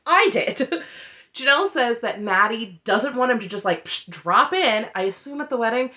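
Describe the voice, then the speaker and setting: A woman's voice: on the high side, animated, moderate pace, sharp tone, dull audio. A woman giving a casual, opinionated recap of a TV episode with a sarcastic, chatty manner. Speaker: recap commentator.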